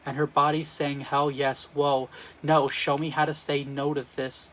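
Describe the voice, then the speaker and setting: A man reading aloud as a tempted young male statesman, in a flat, even sung-spoken delivery. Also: fairly high pitch, a little slow, a little hiss or hum. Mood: torn. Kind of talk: reading a musical script aloud.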